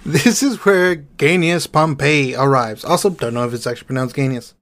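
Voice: medium pitch, moderate pace, a bit bright. A podcast co-host narrating history casually with playful puns. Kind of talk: comedic history storytelling.

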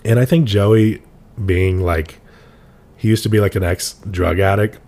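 A man's voice: on the low side, steady tone, a little slow, a little mellow. A young man co-hosting a podcast, chatting casually and rambling with lots of fillers. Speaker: podcast co-host. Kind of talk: casual chat.

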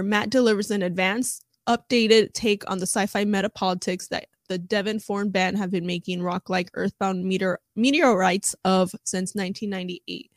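A woman's voice: mid-range voice, no echo, studio quality. A woman streaming live, reading an article aloud and chatting about it with frequent laughs and fillers. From United States. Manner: chatty and giggly, laughs often, many fillers.

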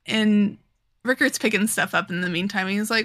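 A young woman talks casually on her podcast, walking through a story's events. Her voice is bright and clear, and she laughs easily, jumping into different voices for the characters as she goes. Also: mid-range voice. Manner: giggly, acts out characters' lines in quick voices. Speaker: podcast co-host. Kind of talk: casual chat recapping a manga.

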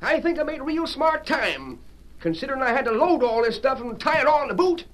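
Old frontier coot, high and lively, folksy 1940s radio drawl. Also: male voice, fairly quick. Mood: hollering, defensive. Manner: folksy, plain-talking. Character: cantankerous old male frontier wagon driver.

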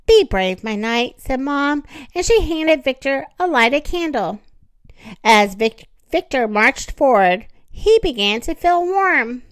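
A woman reading a children's story aloud in an expressive, animated way. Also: sits high, slow pace, no echo.

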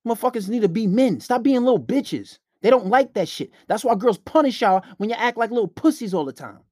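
A man's voice: sits high, lively intonation, brisk, darkish tone, dry recording, clean studio sound. Blunt, profane man ranting. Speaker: podcast host. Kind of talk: casual dating-advice rant.

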